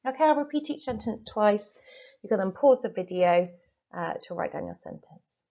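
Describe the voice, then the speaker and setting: A woman Spanish teacher giving a recorded lesson, reading dictation sentences slowly and carefully, then going through corrections. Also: medium pitch, expressive, creaky, warm tone, dull audio. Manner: slow, carefully spelled-out dictation.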